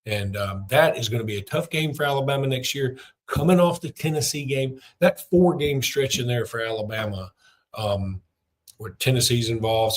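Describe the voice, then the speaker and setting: A middle-aged man, hosting a sports podcast in a chatty, rambling way with lots of fillers. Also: on the low side. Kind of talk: casual podcast talk with a read ad.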